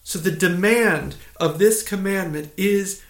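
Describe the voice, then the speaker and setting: In a roomy-sounding recording, a male pastor with a high-pitched voice delivers a morning sermon. He is earnest and measured, posing rhetorical questions and coming back to his main points again and again.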